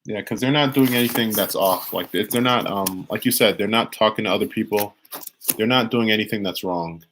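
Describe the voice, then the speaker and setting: A man's voice: on the low side, brisk, a bit bright, slight background noise, low-quality recording. Laid-back man giving a tarot reading. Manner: laid-back, rambling, restarts and repeats phrases. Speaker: tarot reader. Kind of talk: casual live-stream tarot reading. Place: home live stream.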